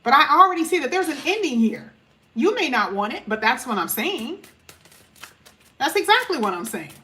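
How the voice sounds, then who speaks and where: A woman's voice: high-pitched, very animated, normal speed, bright, forceful tone. A woman giving a casual, chatty tarot reading to her viewers, emphatic and full of casual slang. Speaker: tarot reader.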